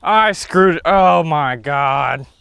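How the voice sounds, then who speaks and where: A man filming his own fishing trip outdoors on a lake, talking to himself and exclaiming loudly as things go wrong and right. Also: on the high side, takes it slowly, gravelly, noisy background. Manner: excitable, exclaims and shouts often. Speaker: fishing vlogger. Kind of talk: self-filmed fishing vlog.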